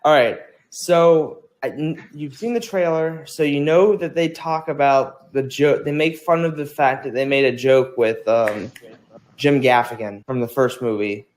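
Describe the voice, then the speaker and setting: A man co-hosting a casual chat, animated and laughing, cursing freely while describing jokes. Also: mid-range voice, measured pace. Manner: animated, swears, laughs easily. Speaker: podcast co-host.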